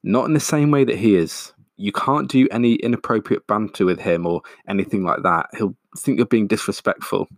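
A man's voice: fairly low pitch, normal speed, hardly any pauses, no room sound, clean studio sound. A man voicing an anxious young woman who talks in an earnest, cautioning way.

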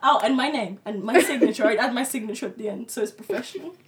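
A woman co-hosting a casual group chat podcast, playful and quick to laugh. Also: a little high, a little hiss or hum. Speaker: podcast co-host.

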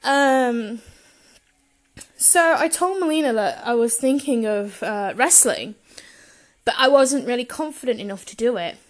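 A woman's voice: on the high side, animated, unhurried. A young woman tells a personal story in a gushing, emotional way and laughs often.

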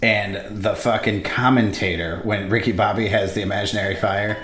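A man chatting casually and profanely, getting animated when he retells scenes. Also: on the low side, normal speed, reverberant. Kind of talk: casual chat.

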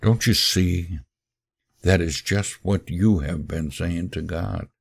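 A humble male missionary speaks earnestly, with a man reading him aloud. His voice is extremely low and gravelly, and he talks slowly with gentle sincerity. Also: exaggerated voice.

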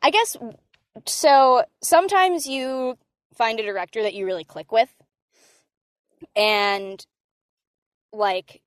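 Lively, laughing American woman voice actor. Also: fairly high pitch, slow pace, pauses often, clean tone, no room sound, studio quality. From Hispanic American. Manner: animated, laughs often, talks with her hands in words, many "like" fillers. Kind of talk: casual interview chat.

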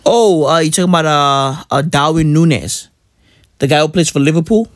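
A man's voice: on the high side, moderate pace, dry recording, clean studio sound. A man vlogging in casual chat with his wife, teasing and joking in playful banter.

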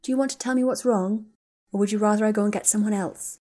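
A woman's voice: mid-range voice, quick pace, close to an everyday voice. Woman voicing a soothing, caring young woman. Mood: worried. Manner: soothing, steady, gently urgent. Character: calm, caring young woman comforting a friend.

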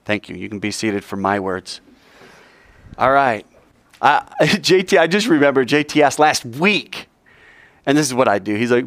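Lively man teaching a Bible class, playful and expressive, recorded dry and close. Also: mid-range voice, brisk, dry recording. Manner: lively, playful, joking with students.

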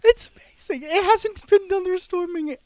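A man's voice: extremely high pitch, moderate pace, heavy background noise. A man co-hosting a podcast, joking bluntly and swearing freely in casual sports talk. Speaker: podcast co-host.

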